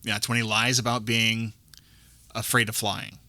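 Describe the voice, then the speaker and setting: A man's voice: fairly low pitch, little pitch movement, moderate pace, bright, forceful tone, no room sound. A man co-hosting a podcast, talking casually about a film in a rambling way with lots of restarts. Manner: rambling, restarts often, quotes lines from the film. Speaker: podcast co-host.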